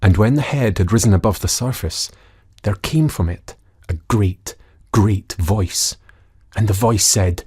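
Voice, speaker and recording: A man from Scotland with a Scottish accent, narrating a fairy tale for children in a chatty, unhurried way. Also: fairly low pitch, darkish tone, slightly rough. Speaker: storyteller.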